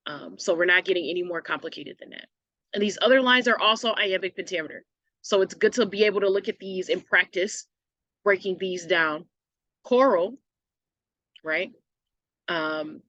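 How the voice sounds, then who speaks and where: A woman's voice: fairly low pitch, a bit bright, no room sound. Woman teacher explaining a lesson. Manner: explanatory, patient, with fillers and "right?" checks. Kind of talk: recorded online lesson.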